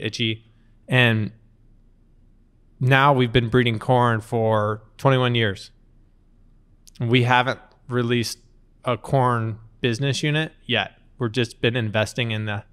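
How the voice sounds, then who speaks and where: Man in his thirties telling stories. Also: mid-range voice. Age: 30s. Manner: lively anecdotal storytelling, acts out quotes. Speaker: company co-founder, interview guest. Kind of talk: conversational storytelling.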